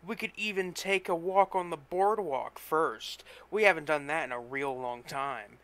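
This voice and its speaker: A man reading a story, voicing a soft-spoken, cheerful young woman who is the hero's girlfriend. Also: fairly high pitch, measured pace, voice pushed up.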